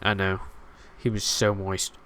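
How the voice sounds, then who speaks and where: A man's voice: low voice, little pitch movement, unhurried, fairly bright tone, smooth. A man telling a story to his channel in a loose, rambling way, swearing often and leaning on filler words. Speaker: YouTube storyteller. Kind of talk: casual storytime narration. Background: faint background music.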